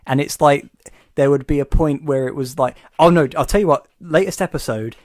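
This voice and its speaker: A man's voice: fairly high pitch, a little fast, no room sound, clean studio sound. A man hosting a podcast in casual chat, an enthusiastic and rambling storyteller. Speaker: podcast host.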